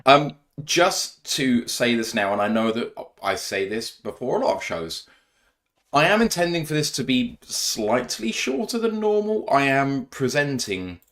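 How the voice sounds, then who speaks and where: A man's voice: medium pitch, sing-song, unhurried, a bit bright. A young man hosting a casual podcast, chatting and joking about himself with frequent laughs. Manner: laughing, self-deprecating banter. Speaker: podcast host. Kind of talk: casual live podcast chat.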